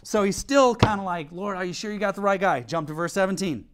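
A man's voice: high voice, a little fast, hardly any pauses. A man preaching a sermon as pastor, telling stories animatedly and reading scripture aloud. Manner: animated storytelling, acts out quotes, reads scripture.

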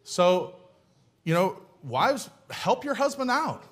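A man's voice: sits high, big pitch swings, takes it slowly. A man preaching a sermon in a blunt, folksy way, firing off rhetorical questions. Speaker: pastor.

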